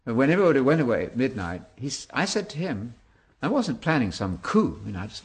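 A man's voice: medium pitch, fast talker. A man in his seventies, a Bible teacher answering interview questions in an emphatic, preacher-like way. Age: 70s. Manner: animated, emphatic preacher-like delivery.

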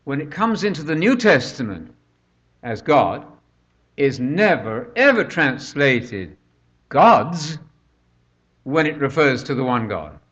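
A man's voice: a little high, fairly bright tone. An older man preaching a conversational sermon, full of rhetorical questions, recorded on a dull lo-fi track.

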